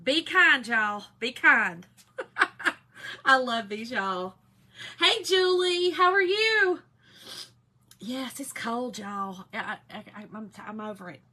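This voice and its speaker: A woman from Georgia with a Southern accent hosting a craft live stream in a hoarse, raspy voice, chatting and greeting viewers by name. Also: a little high, expressive, slow pace, long pauses, bright, forceful tone. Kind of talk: casual live-stream chat.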